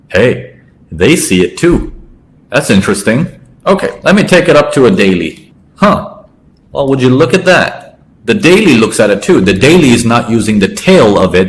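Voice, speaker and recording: A man teaching a trading lesson over a chart walkthrough, talking in an animated way and acting out traders' thoughts in quoted asides. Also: on the low side, rough recording. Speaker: trading educator.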